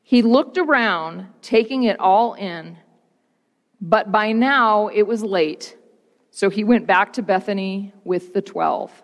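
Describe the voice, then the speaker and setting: A woman pastor reading the gospel and preaching, with slow, rhythmic repetition and dramatic pauses. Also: medium pitch, long reverb tail.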